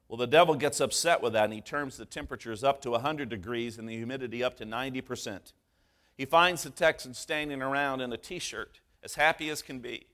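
A man preaching a sermon as pastor, earnest, slowing down for emphasis. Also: medium pitch, steady tone, sharp tone.

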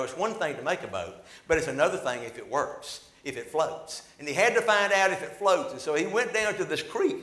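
A man preaches to his congregation in a church, telling a story as he goes. His fairly high voice swells loud at the peaks, then falls almost to a hush. The sound rings around the hall. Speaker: pastor. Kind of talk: sermon. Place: church sanctuary.

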